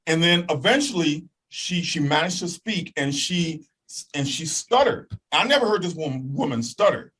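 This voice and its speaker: A man telling a personal story as a guest in an animated way. He acts out voices and sounds and keeps checking in with "okay?". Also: on the high side, moderate pace, slightly rough, poor audio.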